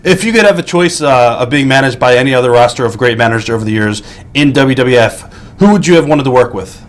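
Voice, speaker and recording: A man interviewing a guest, asking brisk, prompting questions. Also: mid-range voice, animated.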